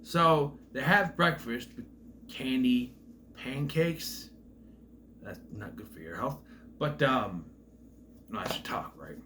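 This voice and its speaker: A man's voice: mid-range voice, lively intonation, takes it slowly, long pauses, slight background noise. Rambling man recapping a movie. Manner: rambling, with restarts and asides; voices characters with loud exaggerated quotes. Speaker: film reviewer. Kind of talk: casual movie plot recap.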